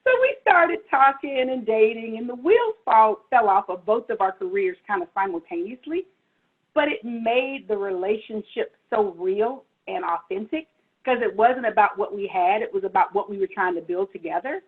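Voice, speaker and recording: A middle-aged woman, a guest author, telling her story casually over a video call, animated and playful, laughing often. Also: mid-range voice, moderate pace, breathy edge. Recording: tinny phone-like audio.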